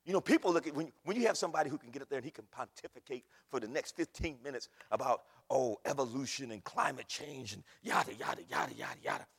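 Animated preaching man. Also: mid-range voice, quick pace, few pauses, husky. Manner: preachy, rising to shouts, mocking asides in quoted voices. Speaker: pastor. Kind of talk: sermon. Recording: echoey hall recording.

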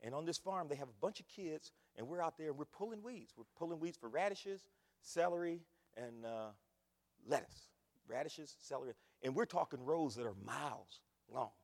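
A man's voice: on the high side, expressive, moderate pace. Emphatic preaching man, echoing church hall. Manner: emphatic, repetitive preaching with big swings in loudness. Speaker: pastor. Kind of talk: sermon.

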